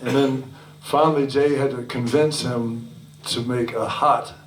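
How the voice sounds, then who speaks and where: A man's voice: mid-range voice, fairly even intonation, a little slow. A man fronting a band, telling a loose, rambling story between songs, swearing freely and chuckling, heard live on stage in a restaurant venue. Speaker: singer-songwriter and bandleader. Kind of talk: between-song stage banter. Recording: echoey live room from far off.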